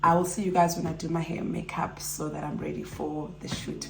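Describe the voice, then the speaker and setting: A woman's voice: low-pitched, flat delivery, fairly quick, gravelly. A woman in her thirties chatting casually to camera as a mom vlogger, often restarting her sentences. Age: 30s. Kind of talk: casual vlog chat. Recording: echoey room with background music.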